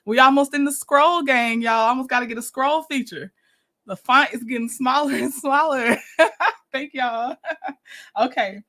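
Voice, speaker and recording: A woman's voice: high voice, normal speed, fairly bright tone. Giggly livestream host woman. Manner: chatty, giggly, greets viewers by name. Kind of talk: casual livestream chat.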